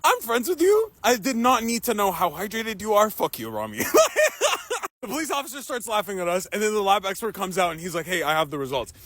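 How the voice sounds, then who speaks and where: A young man casually telling a long personal story, animated, laughing and swearing as he goes. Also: high-pitched, quick pace, no echo, studio quality.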